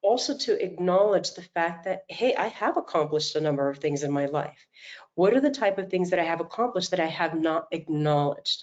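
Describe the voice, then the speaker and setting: A middle-aged woman coach speaks in a fairly low voice, telling stories with lively energy. The sound is dull and lo-fi, like video call audio. She often acts out what people said. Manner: animated storytelling, acts out quotes. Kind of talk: motivational talk.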